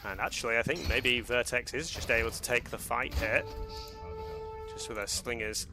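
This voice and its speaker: A man's voice: mid-range voice, fairly even intonation, moderate pace, music in the background. A man doing casual live commentary on a strategy game match, rambling loosely and laughing often. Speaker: esports commentator.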